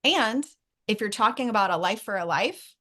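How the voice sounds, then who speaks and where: A woman's voice: mid-range voice, expressive, normal speed, pushed and bright. A woman hosting an interview podcast, talking in a casual, plain-spoken way. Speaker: podcast host.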